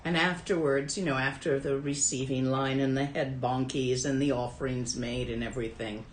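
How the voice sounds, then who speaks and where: A woman's voice: very deep voice, fairly even intonation, moderate pace, reverberant, a little hiss or hum, poor audio. Wry woman telling a dharma story. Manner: casual, wry anecdotal telling. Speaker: Buddhist teacher and Tibetan translator.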